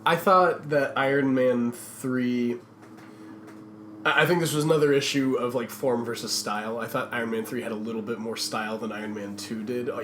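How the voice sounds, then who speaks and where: A man's voice: mid-range voice, slight background noise. A man co-hosting a podcast in casual chat, rambling and searching for his words. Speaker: podcast co-host. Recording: roomy echoey recording.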